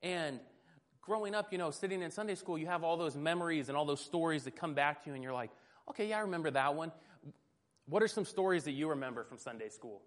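A male preacher with a fairly high voice, delivering a sermon in a relaxed, talky way. He leans on storytelling and pokes gentle fun at himself. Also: fast. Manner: conversational, self-deprecating humor, storytelling.

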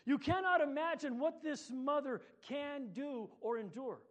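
The Lord as an earnest creator, read by a high-voiced man. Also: measured pace. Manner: earnest storybook reading. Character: the Lord, eager proud creator.

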